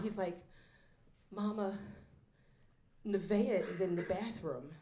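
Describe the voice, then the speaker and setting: A woman telling a stand-up comedy story, animated and acting out the voices, before a live audience. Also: medium pitch, measured pace. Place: event hall with live audience. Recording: roomy hall echo.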